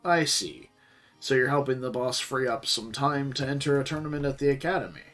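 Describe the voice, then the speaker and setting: A man voicing a tired office-worker character, reading game dialogue in a flat, dry, low-key way. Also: brisk, soft background music, lightly acted. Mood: weary.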